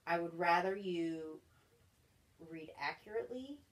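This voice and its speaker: A woman's voice: fairly low pitch, animated, a little slow. A woman tutoring a child in reading one-on-one, patient and encouraging, explaining each step.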